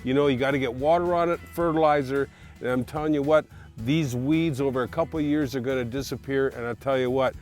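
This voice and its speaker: A man's voice: medium pitch, brisk, darkish tone, faint music behind. A middle-aged man giving a chatty, enthusiastic homeowner testimonial outdoors in his yard. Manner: chatty and enthusiastic, repeats "I tell you what". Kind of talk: casual promotional testimonial.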